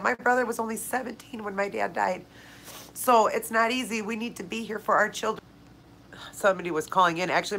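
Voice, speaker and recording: A woman's voice: medium pitch, a bit bright, slight background noise, poor audio. Teary woman on a live stream, heartfelt, chatting to viewers by name. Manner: emotional, heartfelt, speaks directly to viewers by name. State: tearful, crying. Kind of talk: casual live-stream chat.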